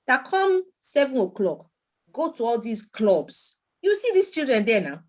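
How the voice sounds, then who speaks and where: A woman's voice: a little high, moderate pace. A woman, talking emphatically as a panelist in a casual group discussion. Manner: animated, emphatic, talks over others.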